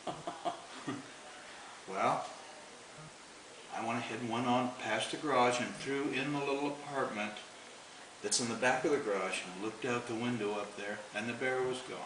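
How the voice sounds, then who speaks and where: A man telling a long story in a rambling, folksy way, chuckling as he goes. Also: medium pitch. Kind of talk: casual spoken storytelling. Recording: roomy, distant, noisy home recording.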